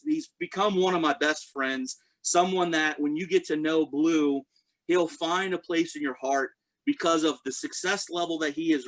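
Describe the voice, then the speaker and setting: Guy in his 30s, earnest pep-talk vibe, voice sits a bit high, keeps asking the crowd "right?". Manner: earnest, personal, addresses listeners directly with "guys" and "right?". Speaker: network marketing speaker introducing a guest. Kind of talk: motivational testimonial talk.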